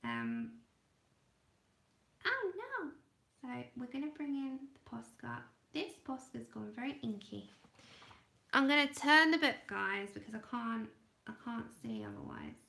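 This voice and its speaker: A woman hosting an art livestream, chatting casually and thinking aloud as she draws, sometimes trailing off into quiet murmurs. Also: on the high side, wildly swooping pitch, unhurried, creaky, long pauses, reverberant. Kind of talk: casual livestream chat while drawing.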